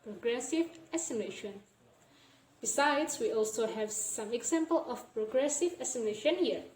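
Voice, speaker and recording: A young woman with an Indonesian accent giving a recorded class presentation on phonology, repeating example words slowly to show how they sound. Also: on the high side, lively intonation, darkish tone, roomy sound, slight background noise, poor audio. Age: young adult. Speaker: student presenter.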